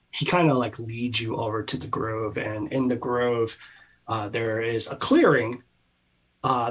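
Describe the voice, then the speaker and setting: Slow husky man running a game. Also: mid-range voice. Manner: relaxed, halting, many fillers. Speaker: game master. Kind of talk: narrating a tabletop game.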